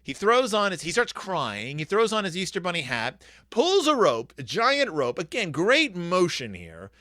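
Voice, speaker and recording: Lively bright-voiced man reviewing books. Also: high voice, moderate pace, dry recording. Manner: enthusiastic, rambling, acts out the characters' lines. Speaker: podcast host reviewing children's books. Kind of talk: casual book review chat.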